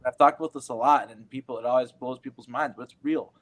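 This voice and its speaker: A man's voice: mid-range voice, steady tone, fast talker, slight background noise. A man in a casual round-table chat, rambling and earnest, with many fillers. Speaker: guest.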